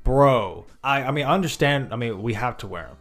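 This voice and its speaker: A man's voice: medium pitch, lively intonation, a little fast, a bit bright, faint music behind. A young man chatting casually as a podcast co-host, laid-back and full of "like" and "bro.". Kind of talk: casual chat.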